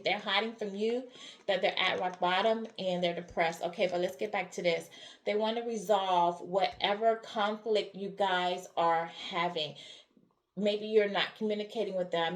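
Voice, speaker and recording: A woman's voice: mid-range voice, echoey room. A woman giving a spiritual tarot reading who keeps checking in with "all right?" and "okay?". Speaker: tarot reader.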